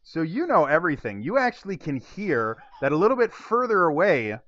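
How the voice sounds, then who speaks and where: A man's voice: a little high, sing-song, brisk, a bit bright, highs cut off. A young man narrating a tabletop game as game master, with a rambling delivery full of fillers.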